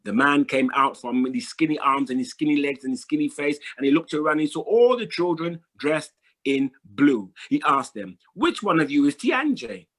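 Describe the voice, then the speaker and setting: Male oral storyteller; slightly high, rhythmic, dramatic repetition. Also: normal speed, fairly bright tone. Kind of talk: oral folk-tale telling to an audience.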